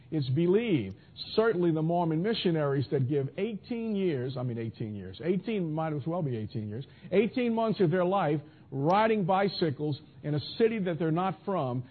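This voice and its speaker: A man preaching a sermon in an emphatic style, asking rhetorical questions and answering imagined objections. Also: high voice. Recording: tinny phone-like audio.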